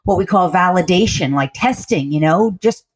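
A woman from the United States speaks as a guest in an interview, in a somewhat low voice. She tells her story earnestly and at length, with many fillers and restarts. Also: animated, moderate pace, slightly rough.

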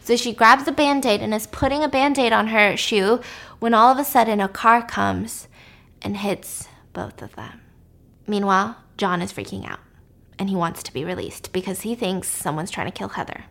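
A woman casually retelling the plot of a drama, animated and dropping to a whisper at tense moments. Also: mid-range voice, fairly quick, vocal fry. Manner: animated, drops to a whisper for suspense. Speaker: storyteller recapping a drama. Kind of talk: casual storytelling recap.

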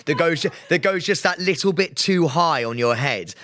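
A man co-hosting a podcast in casual chat, teasing and excitable, laughing often. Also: a little high, moderate pace, dry recording. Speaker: podcast co-host.

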